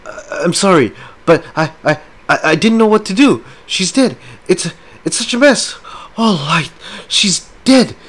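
A man's voice: sits high, expressive, a little slow, a bit bright, voice pushed up, heavily acted. A man reading aloud, voicing a distraught female dwarf who stammers through tears, breathless and shaken. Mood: panicked, tearful.

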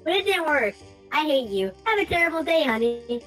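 A woman's voice: high voice, big pitch swings, brisk, a bit bright, faint music behind. A woman reading messages aloud in a mock-sweet, mocking tone. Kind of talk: reading posts aloud for laughs.

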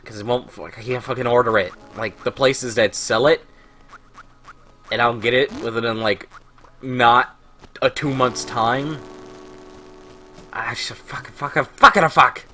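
A man's voice: medium pitch, slow pace, pauses often, pushed and bright, soft background music. A man hosting a let's play, telling stories in casual gameplay commentary and ranting with a lot of swearing. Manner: profane, ranting storyteller.

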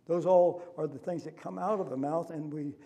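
Gravelly male pastor preaching. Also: a little high, fairly even intonation, normal speed, dark tone. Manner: impassioned preaching with rhetorical questions. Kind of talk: sermon. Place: church sanctuary.

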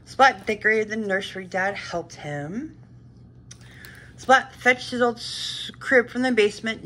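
A woman reading a children's picture book aloud with lively, expressive storytelling. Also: medium pitch, a little hiss or hum.

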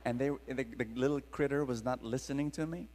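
A man's voice: medium pitch, brisk. A man with a Filipino accent preaching to a live audience, telling stories dramatically and calling on the crowd to respond. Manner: animated, dramatic storyteller engaging the crowd. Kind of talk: storytelling sermon to a live audience. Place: large hall with long reverb. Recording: live talk in reverberant hall.

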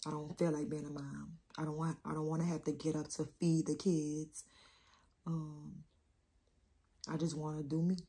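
New mom vlogging, low husky voice, rambling and candid. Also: female voice, level tone, warm tone. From New Orleans. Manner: candid, rambling, slow with many pauses. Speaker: vlogger, mother. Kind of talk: emotional casual vlog talk.

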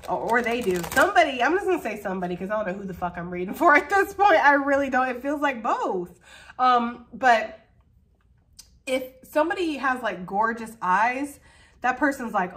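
A woman's voice: a little high, lively intonation, normal speed, a bit bright. A woman giving a casual tarot reading, chatty and frank, laughing often and swearing freely. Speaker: tarot reader.

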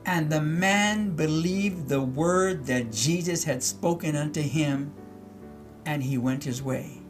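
Music plays behind a middle-aged male pastor speaking slowly in a fairly high voice. He works through scripture verse by verse in a slow teaching sermon, reading then explaining, with frequent repetition of key words and questions to the audience.

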